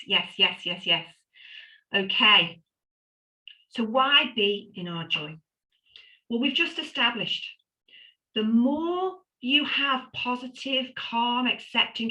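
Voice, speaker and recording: Woman presenter, middle-aged, bright ringing voice, upbeat and emphatic, stacks phrases in lists. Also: medium pitch, poor audio. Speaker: wellbeing workshop presenter. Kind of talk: live online workshop talk.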